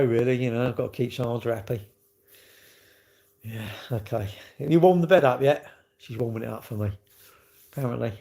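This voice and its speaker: A man's voice: medium pitch, vocal fry. A man hosting a live stream, chatting and joking with viewers in cheeky banter that jumps from topic to topic.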